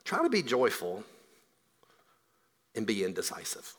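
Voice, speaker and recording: A man preaching a sermon as a pastor, swinging from hushed, quiet lines to loud, emphatic build-ups. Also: on the low side, huge pitch swings, a little slow, breathy edge. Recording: long hall reverb.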